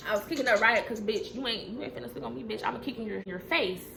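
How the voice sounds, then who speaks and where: A young woman telling a storytime vlog in a blunt, profane, animated way. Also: on the high side, fast, vocal fry, over music. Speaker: vlogger.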